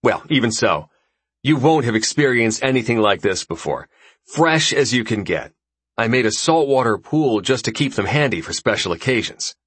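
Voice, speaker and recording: Brief: man voicing a cocky young lord, chatty and lively, husky edge, audiobook character. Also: mid-range voice, moderate pace, dry recording, voice pushed up. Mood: breezy. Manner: breezy, chatty, self-assured. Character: jovial young male ruler, boastful host.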